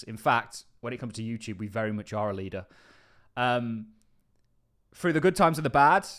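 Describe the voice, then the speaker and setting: A man's voice: medium pitch, a bit bright. A man hosting a crypto channel, giving casual market commentary in an enthusiastic, emphatic way with frequent offhand asides.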